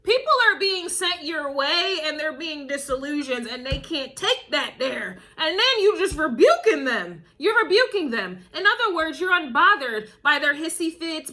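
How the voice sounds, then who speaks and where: A woman with a high, bright voice gives a casual spiritual reading to camera. She speaks emphatically, repeats her points, and chuckles often. Her tone is sharp. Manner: emphatic, repeats phrases, chuckles often, calls listener baby. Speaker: tarot and astrology reader.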